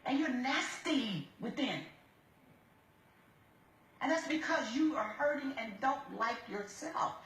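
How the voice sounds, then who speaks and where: Sex: woman. Role: TV judge. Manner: stern, blunt, scolding. Pitch: fairly high. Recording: roomy courtroom sound. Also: fairly bright tone, a little hiss or hum. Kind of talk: courtroom lecturing. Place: TV courtroom studio.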